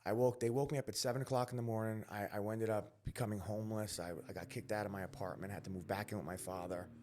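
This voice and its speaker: A man from New York, a podcast guest, telling his life story candidly, earnest and emphatic with quick restarts. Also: on the low side, fairly even intonation, darkish tone.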